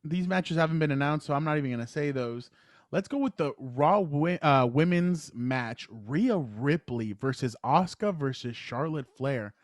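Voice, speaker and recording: A man co-hosting a casual sports podcast, talking excitedly and rambling as he retells matches. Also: on the high side, normal speed, dry recording, studio quality. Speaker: podcast co-host.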